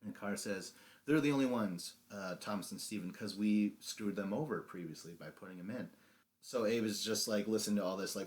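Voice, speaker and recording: A man's voice: fairly low pitch, brisk. A young man co-hosting a podcast, animatedly retelling a reality show episode, acting out the lines and laughing often. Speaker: podcast co-host. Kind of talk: casual recap chat.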